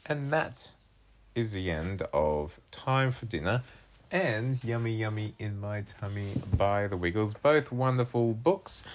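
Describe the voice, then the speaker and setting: A woman reading picture books aloud to her young child at home in a playful, animated way. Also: very deep voice, measured pace, a little hiss or hum.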